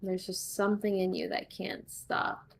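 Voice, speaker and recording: Gravelly slow-talking woman game master. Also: mid-range voice, flat delivery, slight background noise. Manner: slow, hushed dream narration. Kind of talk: narrating a tabletop game.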